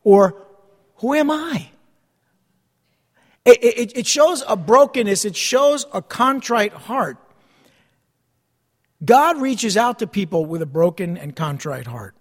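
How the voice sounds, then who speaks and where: A man preaching a sermon as pastor, repeating key phrases with dramatic pauses. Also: high voice, expressive, long reverb tail.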